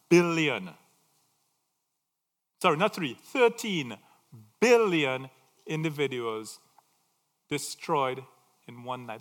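Animated preacher man in a reverberant hall. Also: a little high. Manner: animated, swings from loud emphasis to quiet asides. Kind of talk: sermon.

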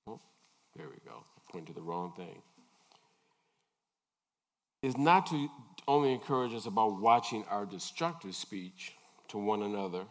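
A man preaching a sermon, unhurried, pausing often and asking his listeners questions. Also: on the low side. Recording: long reverb in a large hall.

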